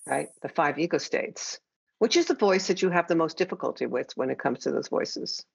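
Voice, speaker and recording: A woman hosting a conversation, talking warmly and reassuringly about her teaching. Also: deep voice, lively intonation, normal speed, vocal fry, husky, no echo. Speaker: host and teacher. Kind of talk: conversational interview. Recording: dull lo-fi dry sound.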